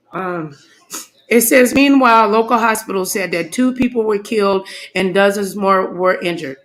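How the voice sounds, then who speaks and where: A woman's voice: medium pitch, low-quality recording. A woman hosting a live stream, shaken and stumbling as she reads breaking news aloud.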